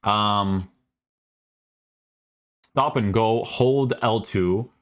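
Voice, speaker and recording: Male gamer host, deep voice, offhand sarcastic reactions while reading patch notes. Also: drawn-out words. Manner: casual, sarcastic asides, many fillers. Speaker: gaming YouTuber.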